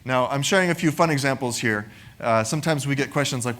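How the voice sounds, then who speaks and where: A man's voice: mid-range voice, fast talker, a bit bright. A man giving a conversational technical product presentation, often adding "right?" to his points. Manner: conversational, frequent "right?" tag questions.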